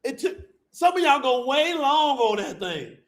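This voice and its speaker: A man preaching with fire to a live audience, emphatic and colloquial, calling out to the crowd as y'all and bursting into shouts. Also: very high-pitched, big pitch swings, unhurried. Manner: colloquial, addresses listeners as y'all. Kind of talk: fiery sermon to a live audience.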